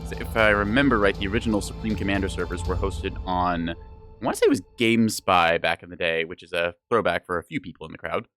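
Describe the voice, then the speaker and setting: A man's voice: sits low, lively intonation, fast talker, a bit bright, no room sound, faint music behind. A young adult man giving casual live-stream commentary on a game, chatty and rambling, with frequent laughs and teasing asides.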